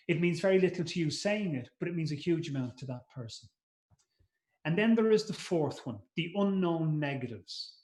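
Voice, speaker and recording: A middle-aged male trainer with a fairly high voice, speaking conversationally to a conference audience. He repeats words as he thinks aloud and acts out short quotes. The room has a clear echo around him. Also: expressive, normal speed, a little mellow. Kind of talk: live masterclass talk. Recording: roomy echo.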